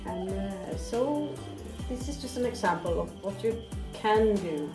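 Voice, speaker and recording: A woman's voice: medium pitch, expressive, unhurried. A woman giving a spiritual tarot and astrology reading to her viewers, rambling from thought to thought with frequent hesitations. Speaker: tarot reader. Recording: echoey room with music behind.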